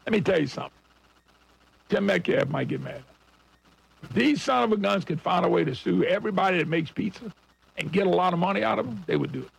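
A man's voice: high-pitched, animated, fast, gravelly, pauses often, slightly rough, poor audio. A middle-aged man hosting a radio talk show, talking in a blunt, folksy and combative way and calling his listeners folks. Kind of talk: opinionated radio monologue.

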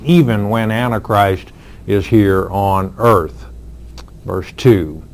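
Slow, low-voiced male preacher. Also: creaky, a little mellow. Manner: earnest, slow, with fillers and emphatic lines. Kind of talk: expository sermon.

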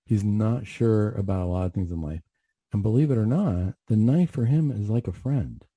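A man's voice: fairly low pitch, animated, normal speed, dark tone, no echo. A middle-aged man hosting a talk radio show, earnestly retelling a tense encounter with a patient, with frequent restarts. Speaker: radio show host and clinician.

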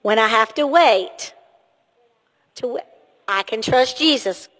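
In a church sanctuary, a woman gives a children's sermon, encouragingly asking the kids lots of questions. Her voice is a little high and fairly bright, and she speaks slowly. Long hall reverb fills the recording.

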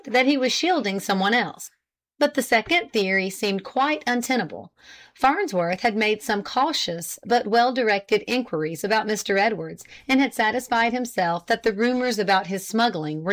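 This is a woman with a mid-range voice narrating an audiobook of a period novel from a script. Her storytelling is steady and measured.

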